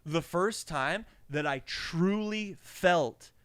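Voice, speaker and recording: A young man co-hosting a podcast, telling a story in a casual, animated way, acting out the people in it and swearing freely. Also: high voice, slow, clear, resonant tone, no room sound. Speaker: podcast co-host.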